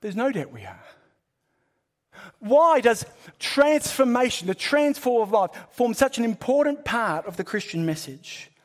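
A man preaching a sermon in a high voice. He builds emphasis by repeating phrases, then drops to a near hush before lifting again. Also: very animated, unhurried. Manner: emphatic, with swings between loud and hushed.

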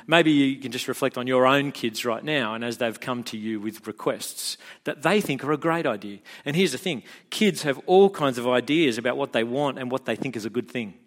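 A man's voice: medium pitch, fairly bright tone. A middle-aged man with an Australian accent preaching a sermon in a chatty, joking way, often stumbling and repeating words. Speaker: pastor. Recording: long hall reverb.

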